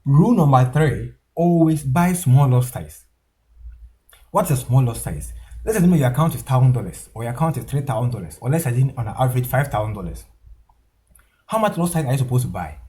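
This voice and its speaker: A man's voice: mid-range voice, expressive, brisk, warm tone. A man teaching a trading lesson over a chart, repeating his points with emphasis and tagging lines with "okay?" and "guys". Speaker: forex trading instructor. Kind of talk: screen-share trading tutorial.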